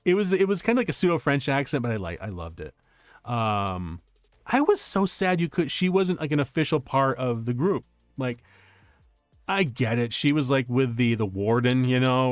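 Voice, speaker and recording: A young man chats casually on a stream, telling stories in an animated, wandering way and restarting often. His voice is medium-pitched, with no echo.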